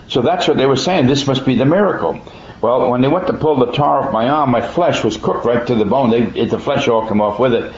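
A man's voice: mid-range voice, brisk. Earnest man giving a folksy testimony. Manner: plainspoken folksy storytelling with restarts; earnest, emphatic. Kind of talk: personal testimony. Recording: dull echoey room recording.

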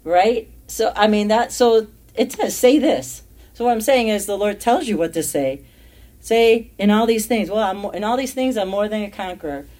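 A woman's voice: medium pitch, normal speed, dark tone. A woman leading a casual Bible study, reading verses aloud with emphasis and explaining them in everyday speech.

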